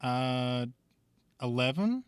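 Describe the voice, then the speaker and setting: A man's voice: mid-range voice, sing-song, drawn-out words, smooth, dry recording. A man co-hosting a podcast, talking in a rambling, thoughtful way with lots of fillers. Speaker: podcast co-host. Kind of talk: casual podcast discussion.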